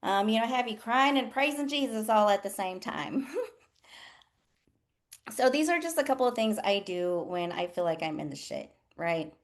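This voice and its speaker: A woman with a mid-range voice talks at normal speed while hosting a casual live session as a nurse coach. She's candid and swears freely, laughs often, and brings energy to impersonating others when she quotes them.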